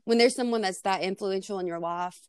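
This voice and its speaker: A woman's voice: medium pitch, a little fast, darkish tone, clean tone, no echo. Female co-host, chatty, meandering, dry close-miked sound. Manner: chatty, many fillers and restarts, wistful. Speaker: podcast co-host. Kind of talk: casual sports chat.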